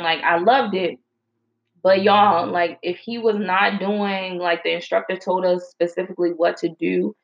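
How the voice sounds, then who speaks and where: Young mom rambling to her followers, slangy, lots of likes and ums, kinda muffled lo-fi audio. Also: mid-range voice. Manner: chatty, animated, slangy, many fillers. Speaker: mom vlogger. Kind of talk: casual storytelling to viewers. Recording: slightly dull lo-fi audio.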